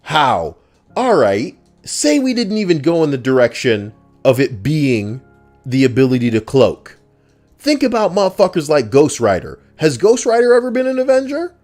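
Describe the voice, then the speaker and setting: A man's voice: on the high side, wildly swooping pitch, normal speed, darkish tone, soft background music. A young man streaming casually, teasing and arguing with plenty of swearing. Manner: profane, teasing, argumentative. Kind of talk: casual live-stream chat.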